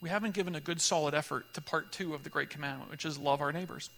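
High, gravelly man telling stories in a hall. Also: quick pace. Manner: animated storyteller, acts out dialogue, laughs often. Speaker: pastor leading a church group. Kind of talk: conversational teaching talk with storytelling.

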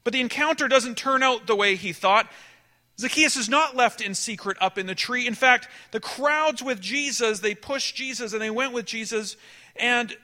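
Bright, high-voiced male preacher. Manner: animated storytelling, swinging between emphatic and hushed. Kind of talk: sermon.

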